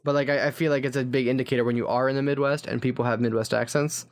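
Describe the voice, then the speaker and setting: A man's voice: mid-range voice, level tone, racing. A man from Pennsylvania co-hosting a podcast in casual chat, confidently rattling off lists. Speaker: podcast co-host.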